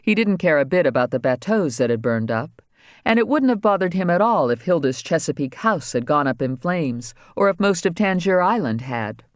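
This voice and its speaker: A man reading a crime novel aloud as audiobook narrator, wry and steady. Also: a little high, normal speed, dry recording, clean studio sound. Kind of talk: scripted narration.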